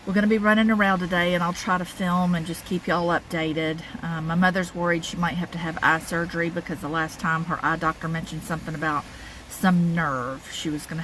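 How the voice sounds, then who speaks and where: A woman with a lowish, fairly bright voice sits in her parked car on a rainy day, rambling casually to camera for her vlog. She's chatty, using fillers and small laughs. Rain and car sounds come through the noisy recording.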